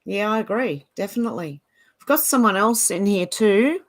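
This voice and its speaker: A woman's voice: mid-range voice, animated, normal speed. Friendly woman hosting a call-in. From Australia. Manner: friendly, agreeable, laughs often. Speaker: host. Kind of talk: casual call-in chat.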